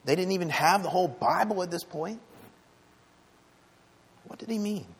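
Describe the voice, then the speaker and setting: Man, pastor, conversational sermon, rhetorical questions, slightly high voice, long church reverb. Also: moderate pace, husky. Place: church sanctuary.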